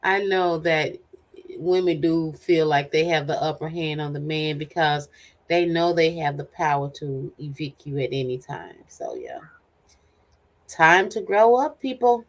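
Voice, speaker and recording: Teasing woman co-host, lowish voice. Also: animated, measured pace. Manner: teasing, sarcastic. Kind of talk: casual live-stream chat.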